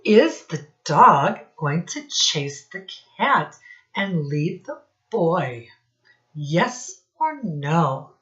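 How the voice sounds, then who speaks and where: A woman teacher reading a picture book aloud to young children, asking them questions in a slow, sing-song teacherly way. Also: lowish voice, very animated, fairly bright tone, highs cut off.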